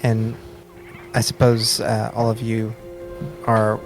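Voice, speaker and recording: Slow, hesitant man narrating a tabletop game. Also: on the low side, completely flat delivery, music in the background. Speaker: dungeon master.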